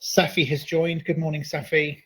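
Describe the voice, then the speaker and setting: A man co-hosting a web show, reading out viewer comments in a steady, matter-of-fact way. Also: fairly high pitch, normal speed, slight background noise, low-quality recording. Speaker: co-host.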